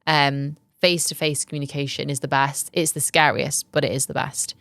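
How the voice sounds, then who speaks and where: A woman's voice: deep voice, little pitch movement, normal speed, gravelly, a bit bright, no room sound. A young woman hosting a podcast, giving candid business advice in a chatty way, full of ums and likes. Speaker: podcast host. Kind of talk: casual advice chat.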